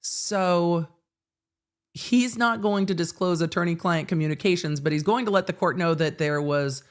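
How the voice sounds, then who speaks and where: A woman's voice: fairly low pitch, moderate pace. A woman hosting live commentary on a court hearing, talking in a blunt, sardonic way and swearing freely. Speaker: legal commentary host.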